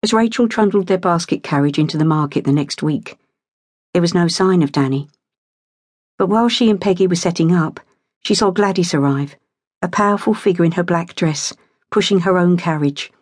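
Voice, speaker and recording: An audiobook narrator with a low, slightly mellow voice reads a novel as scripted narration at normal speed. The studio sound is clean, with no room sound.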